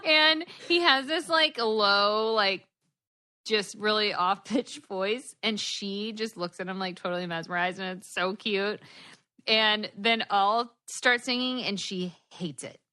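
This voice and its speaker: A bright, clear-toned woman talks over a video call with headphones on, bubbly and quick to laugh. She tells her stories in an animated, chatty way, and she sounds like a worn-out new mother. Her pitch sits right in the middle for a woman. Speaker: podcast co-host. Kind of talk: casual chat.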